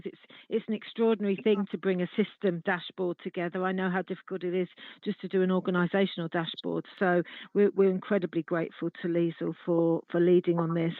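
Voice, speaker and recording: A woman's voice: mid-range voice, no room sound. A woman speaking at a committee meeting, earnest and thinking aloud with frequent restarts. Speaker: committee member. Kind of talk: meeting discussion. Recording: tinny phone-like line.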